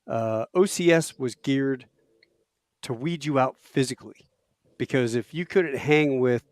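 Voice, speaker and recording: A man's voice: medium pitch, a little slow, no room sound, studio quality. A man in his late fifties, a podcast host, telling casual stories and laughing often. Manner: animated, laughs often, does loud impressions of drill instructors. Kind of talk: casual storytelling chat.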